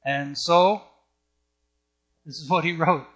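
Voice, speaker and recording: A man's voice: on the high side, steady tone, slow pace, a bit bright. A man preaching a sermon with an emphatic, repetitive cadence.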